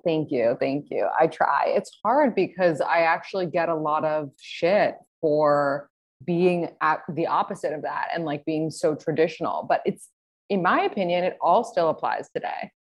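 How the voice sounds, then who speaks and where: A woman in her thirties speaking as a podcast guest, relaxed and direct. Her voice sits unusually low. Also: normal speed, lo-fi sound. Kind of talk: casual interview.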